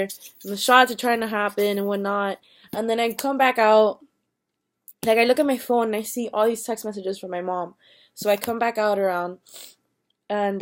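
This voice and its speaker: A young woman in her early twenties telling a rambling storytime, swearing freely and acting out what everyone said. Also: medium pitch. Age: young adult. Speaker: vlogger. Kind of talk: casual storytime.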